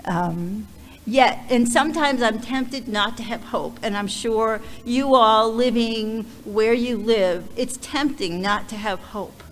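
A woman speaking as a visiting ministry leader in a heartfelt church talk, earnest and emotional, pausing often and restarting her sentences. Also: a little high, a little hiss or hum. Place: church sanctuary. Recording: reverberant hall, faint background ambience.

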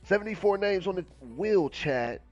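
A man's voice: high-pitched, expressive, normal speed, darkish tone, lo-fi sound, soft background music. A man co-hosting a game livestream, upbeat, reading chat messages aloud, laughing and running a giveaway. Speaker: co-host of a game stream.

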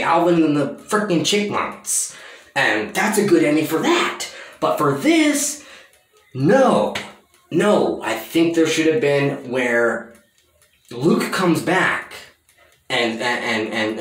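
Animated ranting film reviewer in a bathroom. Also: medium pitch. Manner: exasperated, animated, swears freely. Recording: echoey bathroom sound.

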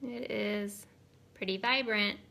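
A woman's voice: mid-range voice, fairly even intonation, takes it slowly, creaky, sharp tone. A woman in her thirties chatting casually on a live stream, giggly and rambling off on tangents. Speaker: cosmetics seller streaming live. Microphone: webcam or phone on camera.

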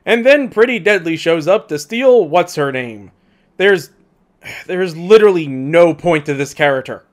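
Male reviewer, snarky, high and animated. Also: unhurried. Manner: sarcastic, mocking. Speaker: movie reviewer. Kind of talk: casual commentary.

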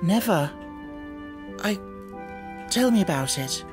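A man reading an audiobook, voicing a timid, slow, awestruck chubby little girl who speaks hesitantly and with wonder. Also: high-pitched, animated, music in the background, pitched above the performer's own voice. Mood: awed.

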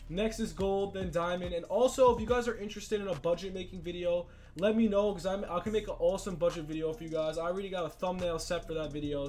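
A young man hosts his own channel and talks over sports-game footage in a fairly high, eager voice. He gets loud and hyped, talks right to his viewers, and a faint music bed plays under him. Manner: hyped, talks straight to fans, shouts when excited. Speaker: gaming channel host. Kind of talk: excited gameplay commentary.

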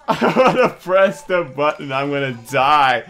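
A goofy young man joking his way through a video game, laughing and swearing often. His voice sits fairly high for a man and swings all over the place in pitch. It is casual, playful let's-play commentary. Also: lively intonation, slow, bright, forceful tone. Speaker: gaming video host.

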